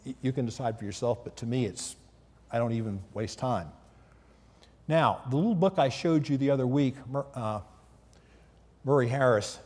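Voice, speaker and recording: A man's voice: mid-range voice, a little mellow, breathy edge. A man preaching a Bible teaching sermon in a conversational way, often asking his listeners questions. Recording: long hall reverb.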